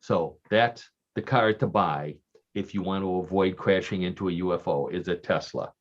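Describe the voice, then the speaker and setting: A man's voice: sits low, moderate pace. A man telling offbeat stories in casual radio chat, joking and laughing along with his own tales. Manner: chatty storyteller, lots of fillers and restarts, laughs at own jokes. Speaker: regular radio show guest. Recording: dull lo-fi radio sound.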